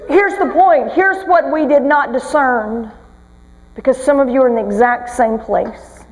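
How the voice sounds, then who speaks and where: High-voiced woman speaker in a big hall. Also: measured pace. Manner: lively, humorous storytelling, teasing the audience. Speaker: motivational speaker. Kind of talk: motivational talk to a live audience. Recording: long reverb of a large hall.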